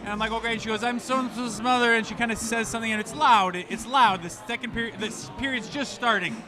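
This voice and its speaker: Emphatic high-voiced man, profane storytelling. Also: fairly even intonation, fast talker, over music. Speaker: hockey show co-host. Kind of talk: live post-game chat. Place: bar during live show.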